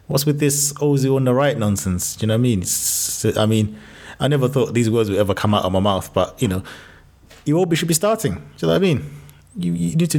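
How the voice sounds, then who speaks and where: A man co-hosting a football podcast in casual banter, animated and exasperated, laughing often. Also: mid-range voice. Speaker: podcast co-host.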